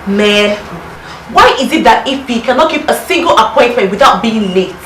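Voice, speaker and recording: An actress with a Nigerian accent playing an irritated young woman who loudly orders a friend out of the room. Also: a little high, animated, moderate pace, distant mic. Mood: exasperated. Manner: scolding, exasperated. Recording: roomy, noisy room sound.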